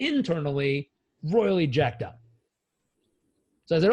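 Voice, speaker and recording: A man, a life coach, telling stories in a casual interview, energetic and blunt, swearing freely. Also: fairly high pitch, fairly quick, dry recording.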